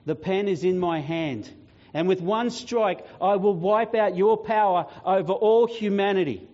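A risen divine saviour, performed by a man, defiantly answers Death in a dramatic sermon monologue. The voice sits a touch high and moves very slowly, with weighty pauses. The recording sounds dull and lo-fi. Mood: proclaiming. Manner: slow, solemn proclaiming with long pauses, growing quieter and weightier.

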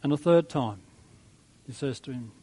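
A man preaching a sermon in a conversational, reflective way, with soft chuckles. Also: mid-range voice, moderate pace, husky, rough recording. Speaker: pastor.

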